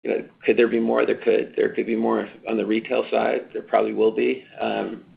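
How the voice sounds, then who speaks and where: A man's voice: fairly low pitch, little pitch movement, fairly quick, gravelly, breathy edge. A man, a company executive, answering analysts' questions on an earnings call in an emphatic, repetitive way, often adding "right?". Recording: tinny phone line.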